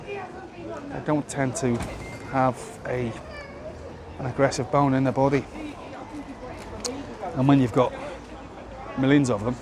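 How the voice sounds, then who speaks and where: A man's voice: mid-range voice, very animated, slow pace, pauses often, a crowd in the background. A man vlogging outdoors on a town walk, rambling and opinionated, full of rhetorical questions. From Britain. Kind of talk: casual walking monologue. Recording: outdoor street noise.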